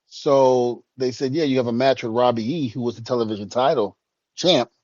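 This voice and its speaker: A man co-hosting a podcast, telling a long story in a relaxed way and quietly acting out what others said. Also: mid-range voice, moderate pace, no room sound, lo-fi sound. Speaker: podcast co-host, retired wrestler. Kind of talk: casual storytelling.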